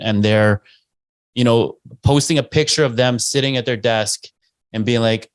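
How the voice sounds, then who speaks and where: A man's voice: mid-range voice, normal speed, no echo. A man hosting a podcast, agreeing with his guest and asking follow-up questions. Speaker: podcast host. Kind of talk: casual podcast interview.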